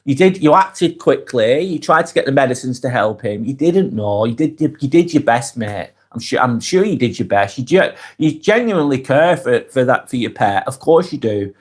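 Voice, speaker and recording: A man hosting a live vlog, reading comments aloud and answering them bluntly, often swearing, then softening to reassure. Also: medium pitch, lively intonation, moderate pace, hardly any pauses, breathy edge. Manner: blunt, sweary, swings between brusque and reassuring. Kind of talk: casual live vlog chat.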